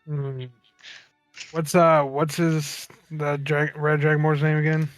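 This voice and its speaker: A man playing a Dragonborn character in a tabletop game, speaking low-key and a bit gruff. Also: level tone, slow, no room sound, faint music behind. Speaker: player. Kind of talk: tabletop role-play.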